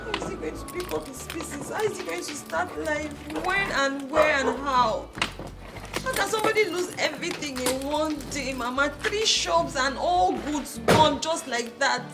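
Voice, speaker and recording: A woman's voice: high-pitched, normal speed, over loud music. A young woman with a Nigerian accent, playing a distraught fiancée and pleading in a wailing way in a film drama. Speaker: grieving fiancée. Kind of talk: film acting.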